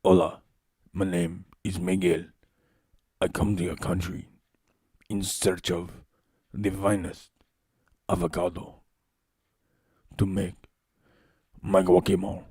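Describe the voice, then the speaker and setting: A man voicing a suave, cheesy South American man in a mock Spanish accent, with a slow, hammy, drawn-out delivery. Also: deep voice, flat delivery, mellow, husky, no room sound, pitched below the performer's own voice, full character voice.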